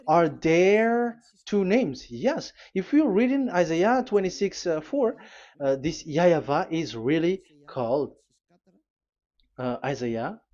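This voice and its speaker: A man preaching a sermon, teaching at a board, pausing often with fillers and restarts and spelling out letters. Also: on the high side, a little mellow, lo-fi sound.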